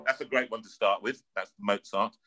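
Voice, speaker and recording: Loud music plays behind a middle-aged North London opera singer as he tells stories in a casual interview on a rough recording. His voice is on the low side at normal speed, with a North London accent, and he's animated, often repeating words.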